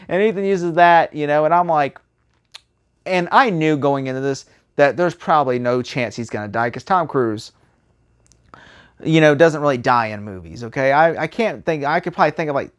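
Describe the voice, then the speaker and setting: A man giving a casual spoken movie review, rambling and animated, full of fillers and restarts. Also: medium pitch.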